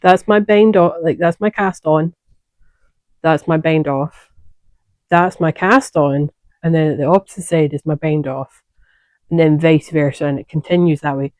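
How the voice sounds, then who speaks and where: A woman's voice: deep voice, moderate pace, a little mellow, dry recording. A woman hosting a knitting podcast, chatting casually and wandering off on asides as she shows her projects. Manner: chatty, digressive, self-correcting.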